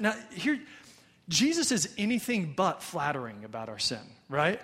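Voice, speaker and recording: Male pastor in his thirties, bright high voice, casual animated sermon delivery. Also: moderate pace. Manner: conversational, animated, frequent "right?" asides.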